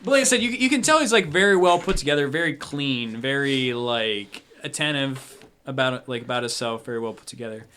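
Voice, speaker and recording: A man's voice: mid-range voice, animated, a little fast, pushed and bright, slight background noise. A young man narrating as game master of a tabletop game, talking loosely with many fillers.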